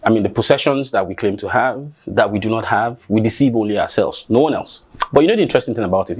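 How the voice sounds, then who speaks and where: A man's voice: mid-range voice, slightly rough. A man telling a family folk tale in a conversational way and then drawing its lesson. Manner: conversational, acts out voices, draws the lesson. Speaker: storyteller. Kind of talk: oral storytelling with a moral.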